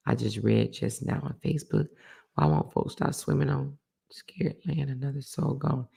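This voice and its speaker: Gravelly-voiced chatty woman livestream host. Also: rumbling low, normal speed. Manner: animated, chatty, repeats phrases for emphasis. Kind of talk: casual livestream chat reading viewer comments.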